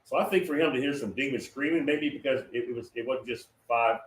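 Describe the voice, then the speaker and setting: A man's voice: medium pitch, quick pace. Guy rambling thru a dream story, lots of "you know", bit of background hiss. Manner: rambling, many fillers and restarts. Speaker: guest recounting a prophetic dream. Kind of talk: casual conversational storytelling. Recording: roomy, distant mic with faint noise.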